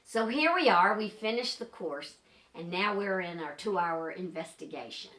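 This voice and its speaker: An older woman, a paranormal investigator, telling a story to the camera in a chatty, lively way with many fillers. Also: fairly low pitch, moderate pace, roomy sound.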